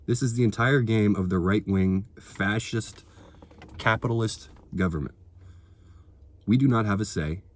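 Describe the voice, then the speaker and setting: A man's voice: fairly low pitch, measured pace, long pauses. A man delivering a heated, sarcastic political rant to his viewers, swearing freely. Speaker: political vlogger. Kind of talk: ranting monologue to camera.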